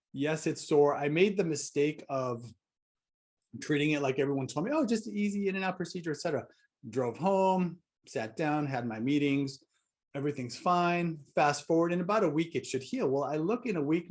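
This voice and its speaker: A middle-aged vlogger tells a personal story in a casual video, wry and exasperated, tossing in sarcastic asides. His voice is medium-pitched and a little mellow.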